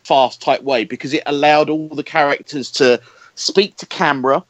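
This is an easygoing man co-hosting a podcast who often restarts his sentences. His voice sits at a middle pitch. The audio is dry and dull. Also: fairly even intonation, normal speed, a bit bright, dry recording. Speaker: podcast co-host. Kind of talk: casual TV review chat.

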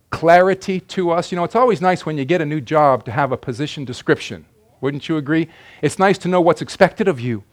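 Brief: male pastor, high voice, emphatic sermon with hushed asides. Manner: emphatic preaching, swings between loud declarations and quiet asides.

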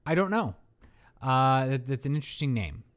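Brief: male podcast co-host, mid-pitched, loose and self-deprecating, rambles with a grin. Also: very animated, moderate pace. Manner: joking, rambling, self-mocking. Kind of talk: casual chat about board games.

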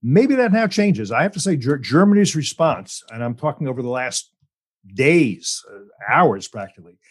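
A man's voice: medium pitch, sing-song, normal speed, breathy edge. A man moderating a policy discussion, putting questions to the panelists in a conversational, hedging way.

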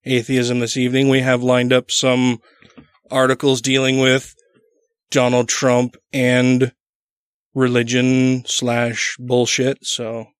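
A man's voice: medium pitch, slow pace, clean tone, no room sound, studio quality. A man co-hosting a casual podcast, talking loosely and swearing often, with frequent laughs. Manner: profane, animated, laughs often. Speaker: podcast co-host.

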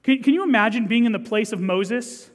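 A man preaching a sermon as pastor, swinging from loud emphasis to hushed scripture reading. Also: extremely high pitch, a little fast, big-room sound.

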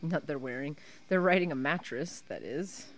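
A woman's voice: low voice, normal speed. A woman co-hosting a podcast, chatting casually and sarcastically with a lot of swearing and laughter while she watches a film. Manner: profane, sarcastic, laughs often. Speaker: podcast co-host. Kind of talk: casual watch-along chat.

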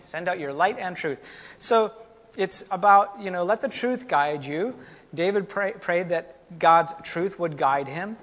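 A man with a high voice preaches in a relaxed, conversational way and drops in folksy asides to his congregation. His voice rings out with a long reverb, as if in a church hall. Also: unhurried. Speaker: pastor. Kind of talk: sermon.

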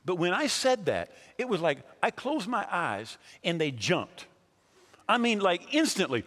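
An animated male pastor preaching a sermon, his voice slightly husky and fairly high. He moves from loud, excited storytelling down to quiet, earnest prayer. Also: brisk, big-room sound.

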